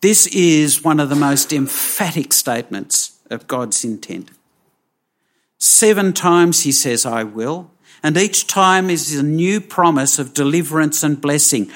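A man preaching a sermon, slow and emphatic, with dramatic pauses. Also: fairly high pitch.

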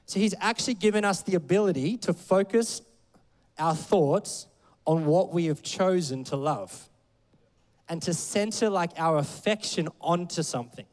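A man's voice: high voice, moderate pace, a little mellow, big-room sound. A man preaching a sermon in a loose, conversational way, full of fillers and playful asides. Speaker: pastor. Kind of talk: casual sermon.

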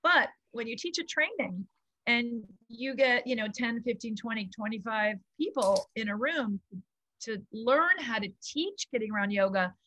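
A middle-aged woman, a yoga founder, tells stories in an animated, gushing way and laughs often. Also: a little high, moderate pace, a little hiss or hum. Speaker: guest, kids yoga founder. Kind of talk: casual storytelling interview.

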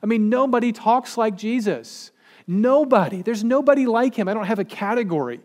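A man's voice: sits high, animated, moderate pace, darkish tone, voice pushed up. A man voicing the apostle Simon Peter, speaking plainly and emphatically about his loyalty. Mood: earnest. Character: earnest male apostle pledging loyalty.

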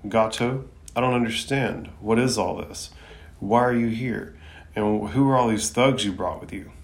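A man voicing a cold, ruthless adult male ninja from an anime, reading his lines flatly. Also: fairly low pitch, normal speed, close to an everyday voice. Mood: puzzled. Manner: cold and flat.

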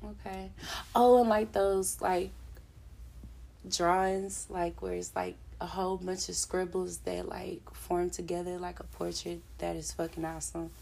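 A woman's voice: on the low side, level tone, unhurried, vocal fry, a little mellow, a little hiss or hum, poor audio. A woman co-hosting a casual podcast chat, loose and playful, swearing freely and stringing fillers together. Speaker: podcast co-host.

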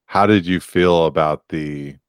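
A man co-hosting a podcast, from California, talking in a relaxed, rambling way with lots of fillers. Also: very deep voice, a little slow, clean tone, no echo, clean studio sound. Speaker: podcast co-host. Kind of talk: casual chat.

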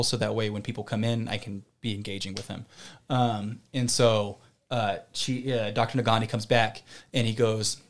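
A man co-hosting a podcast, telling a long story in casual chat, rambling and digressive, with some swearing. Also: mid-range voice. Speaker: podcast co-host.

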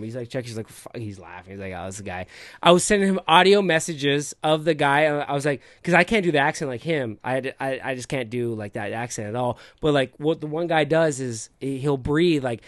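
A man's voice: fairly high pitch, lively intonation, brisk, hardly any pauses, no room sound. A young man tells a story on a podcast in a slightly raised voice, rambling and tripping over his words. The sound is close and dry. His talk is loose, casual chat. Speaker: podcast co-host.

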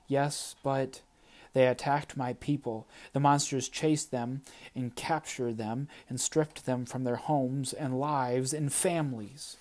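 A man's voice: mid-range voice, steady tone, slow pace, darkish tone, lightly acted. A man reading an audiobook, voicing a determined, loyal young girl pilot who speaks earnestly. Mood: pleading. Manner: earnest, pleading.

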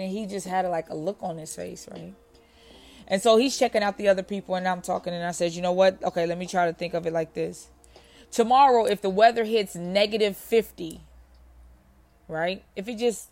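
A woman's voice: medium pitch, fairly even intonation, fairly quick, darkish tone. A woman hosting a motivational podcast, telling a story in a conversational way, calling the listener friend and repeating phrases for emphasis.

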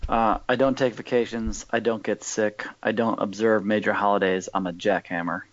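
A man co-hosting a podcast, casually telling animated stories and mimicking people. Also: fairly low pitch, moderate pace. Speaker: podcast co-host. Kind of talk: casual chat. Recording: dull lo-fi audio.

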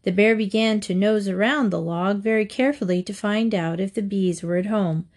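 A woman reads storybook fables aloud at a middle pitch. Her delivery is clear and measured, a steady storytelling voice. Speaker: narrator.

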